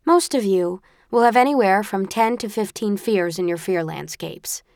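A woman's voice: medium pitch, moderate pace, darkish tone, no echo, studio quality, close to an everyday voice. A woman voicing a stern adult female combat instructor who speaks bluntly and matter-of-factly in an audiobook.

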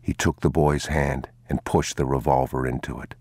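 A man reading a story aloud in a slow, grave, hushed manner. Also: rumbling low, little pitch movement, breathy edge, no room sound. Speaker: narrator. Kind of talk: audiobook narration.

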